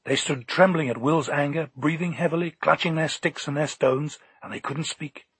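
A man narrating an audiobook in a calm, measured storytelling manner. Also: fairly high pitch, husky, no echo.

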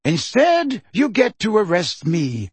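A man reading an audiobook, voicing a calm, pleasant old male headmaster wizard with gentle irony. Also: high-pitched, slow pace, slightly rough, dry recording, voice pushed up, full character voice.

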